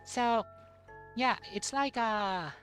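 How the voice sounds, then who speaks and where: A young man streaming a game, chatting casually in a halting way and repeating words. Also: very high voice, fairly bright tone, soft background music. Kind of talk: casual chat while playing a game.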